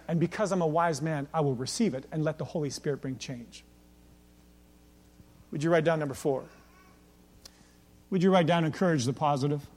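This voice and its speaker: A middle-aged man preaching a sermon as pastor, emphatic and rhetorical, building to near-shouts at his peaks. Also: fairly high pitch, moderate pace, long pauses. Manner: repeats "can I tell you" rhetorically.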